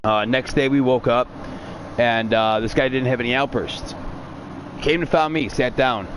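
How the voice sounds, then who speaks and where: A man's voice: mid-range voice, normal speed, background noise. A young man casually telling a long personal story, rambling, swearing a lot. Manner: profane, rambling, animated retelling.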